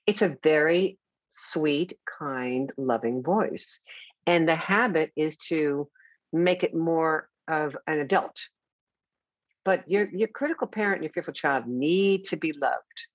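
A woman hosting a conversation, talking warmly and reassuringly about her teaching. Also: low-pitched, unhurried, no echo. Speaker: host and teacher. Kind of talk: conversational interview. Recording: dull lo-fi dry sound.

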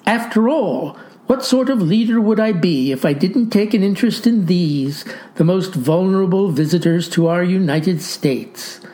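A woman voicing a genial, folksy adult male president, her pitch raised a little for the quotes. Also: animated, normal speed, warm tone, natural voice.

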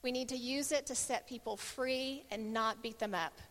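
A middle-aged woman gives a Christian sermon in a large hall, animatedly recounting a personal story and acting out the voices of the people in it. Her voice sits on the high side and her pace is moderate.

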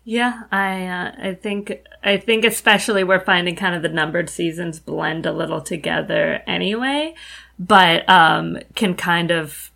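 A woman's voice: fairly low pitch, fairly even intonation, unhurried, gravelly, pushed and bright. A woman co-hosting a casual podcast with wry, dry humor, thinking aloud as she talks. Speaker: podcast co-host.

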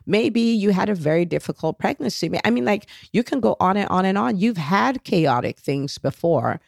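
A woman's voice: mid-range voice, expressive, normal speed, gravelly, dry recording, clean studio sound. A woman hosting a motivational solo podcast, coaching listeners directly and checking in with frequent "okay?"s, with an encouraging, faith-based tone. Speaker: podcast host.

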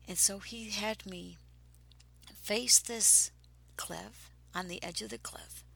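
A woman telling a personal story slowly, breathy and dropping into whispers at times, then growing animated and excited. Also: mid-range voice.

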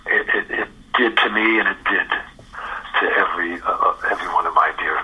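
An older male musician, a guest on a radio interview, telling animated anecdotes, acting out the dialogue, swearing and laughing as he goes. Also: low voice, a little fast, slightly rough, poor audio. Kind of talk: storytelling interview chat.

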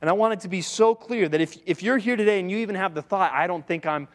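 A man preaching a sermon to a seated congregation, talking conversationally, asking rhetorical questions and acting out quick voices. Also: sits high. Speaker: pastor.

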